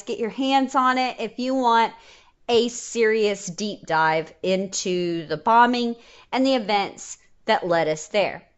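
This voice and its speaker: Woman, Texas accent, podcast host, casual chat, animated storyteller, slightly muffled audio. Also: mid-range voice, clear, resonant tone.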